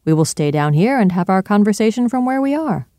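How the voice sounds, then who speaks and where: An earnest, brisk male lawyer, as a storybook reader plays him, concerned for a friend but upbeat. The voice is mellow and sits close and dry. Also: on the high side, animated, no room sound, natural voice. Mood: cheerful. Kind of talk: storybook reading.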